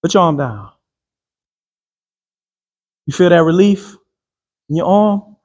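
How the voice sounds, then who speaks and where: High, lively male motivational speaker. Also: slow, big-room sound. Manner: emphatic, repeats phrases, shouts affirmations; slang-heavy casual speech. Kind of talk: motivational talk with call-and-response. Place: event with a live group.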